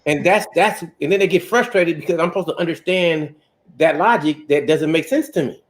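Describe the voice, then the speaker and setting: A man hosting a casual chat, telling jokey, animated stories. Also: fairly high pitch, normal speed. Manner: animated, joking storyteller. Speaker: host.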